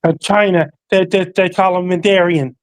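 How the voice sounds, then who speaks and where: A man appearing as a podcast guest, talking in a flat recital that lists facts, dates and handles one by one. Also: high-pitched, normal speed. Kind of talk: casual call-in chat.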